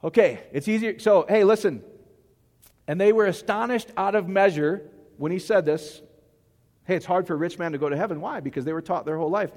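A man's voice: high voice, expressive, a little fast, long reverb tail. A man preaching a loose, conversational sermon, joking and quizzing the congregation as he goes. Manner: folksy, joking, asks the congregation questions. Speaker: pastor.

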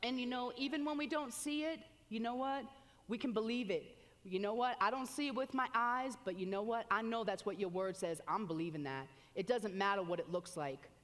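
A woman preaching a sermon with animated exclamations, reading scripture aloud between comments. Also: fairly high pitch, a little fast. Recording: long hall reverb.

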